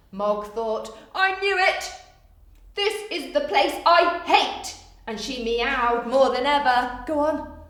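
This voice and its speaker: A woman reading a picture book aloud to children, with animated, coaxing asides that invite them to join in, recorded in an echoey room. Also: fairly high pitch, far from the mic. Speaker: storyteller for children.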